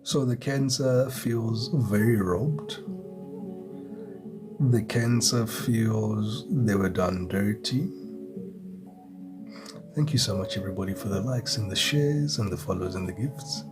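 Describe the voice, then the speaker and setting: A man's voice: fairly low pitch, takes it slowly, pauses often. A man giving a chatty live tarot reading, greeting viewers and chuckling often. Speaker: tarot reader. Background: music.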